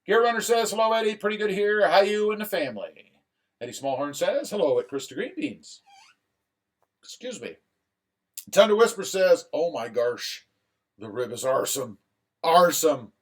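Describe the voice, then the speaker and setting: A man hosting a live stream in casual chat, reading out viewer comments one after another. His pitch moves a lot and climbs high when he gets excited. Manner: reads viewer comments aloud and chats back; animated, rising when excited.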